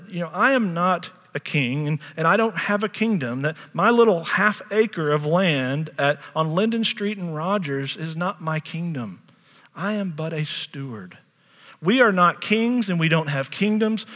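A middle-aged pastor delivers a sermon in a relaxed, conversational style, pausing to put questions to his congregation. His voice is slightly high, and the church sanctuary leaves a long reverb trailing behind each phrase.

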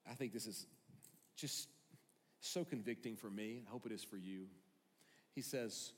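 Earnest preacher in a reverberant hall. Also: male voice, lowish voice, a little slow, pauses often. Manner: animated storytelling, then quiet and earnest. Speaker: pastor. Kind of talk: sermon. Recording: long hall reverb, faint music.

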